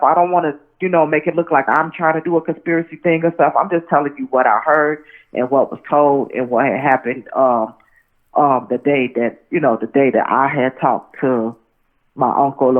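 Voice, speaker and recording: A woman guest telling a story over the phone in a rambling way, full of restarts and "you know what I'm saying". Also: deep voice. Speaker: interview guest. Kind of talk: casual phone interview, storytelling. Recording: tinny phone line.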